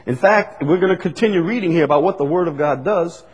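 Husky preacher man. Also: a little high, fast, hardly any pauses. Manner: repetitive, emphatic preaching with rising bursts. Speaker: pastor. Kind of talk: sermon. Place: church sanctuary. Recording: long hall reverb.

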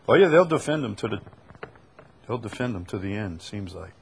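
A man's voice: fairly low pitch, very animated, brisk, vocal fry, slightly rough. A man hosting a preaching talk show, emphatic and repeating his key points. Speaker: host.

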